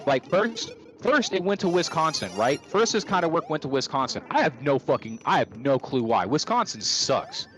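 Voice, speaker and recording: A man's voice: a little high, animated, normal speed, few pauses, fairly bright tone, faint music behind. A man from California chatting casually over gameplay, ranting profanely with many restarts. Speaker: streamer.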